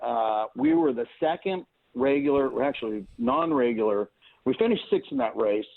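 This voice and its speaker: A man calls in and tells a long string of stories about racing in a loose, meandering way, often stopping to restart a sentence. His voice has a gravelly edge, and it comes through a thin, tinny phone line. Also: medium pitch, very animated, moderate pace. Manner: rambling, lots of "you know" and restarts. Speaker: race car owner, guest. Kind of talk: casual anecdotal storytelling.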